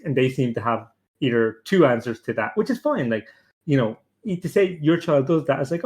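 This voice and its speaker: A man's voice: mid-range voice, fairly quick. A young man chatting casually on a podcast panel, rambling and swearing as he tells stories about parenting. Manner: rambling, sweary, animated storytelling. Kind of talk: casual chat.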